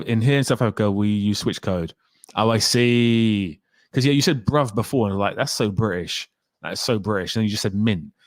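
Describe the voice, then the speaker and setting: A man hosting a casual live stream, reading out viewer comments in a lively, excitable way and swearing freely. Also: fairly low pitch, dry recording, studio quality.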